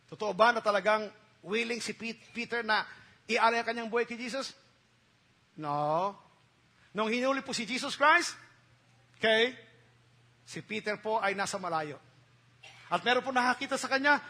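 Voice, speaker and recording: High, bright-voiced preacher. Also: male voice, normal speed, long pauses. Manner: emphatic preaching with sudden loud bursts and dropped near-whispers. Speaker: pastor. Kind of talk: sermon.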